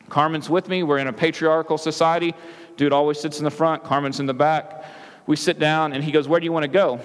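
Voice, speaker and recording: A man's voice: a little high, fairly bright tone. A male pastor preaching a sermon in a conversational way, with frequent "right?" asides and restarts, in a large church hall. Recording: echoey hall with long reverb.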